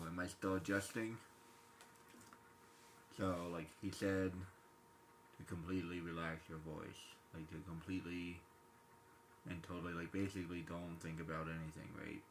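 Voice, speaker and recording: A man with a deep, low voice and a bright, forceful edge chats casually on a live stream. He talks quickly and rambles with plenty of fillers. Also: a little hiss or hum. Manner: rambling, filler-heavy, self-reflective; quick-talking. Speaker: livestreamer. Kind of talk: casual live-stream chat while gaming.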